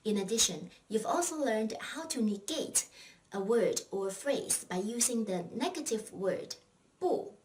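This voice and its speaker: Slow, lively woman teaching Chinese. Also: on the high side, distant mic, a little hiss or hum. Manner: patient, encouraging, pauses for learner replies. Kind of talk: slow, scripted language lesson.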